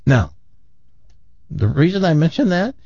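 An older man from Tennessee, hosting a radio show and telling stories in a wry, animated way. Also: fairly high pitch, measured pace, gravelly, husky, no echo, muffled recording. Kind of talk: casual morning show chat.

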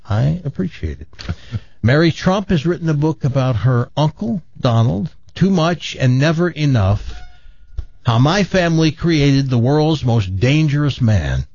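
An older man from Tennessee, hosting a radio show and telling stories in a wry, animated way. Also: medium pitch, no room sound, dull audio. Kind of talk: casual morning show chat.

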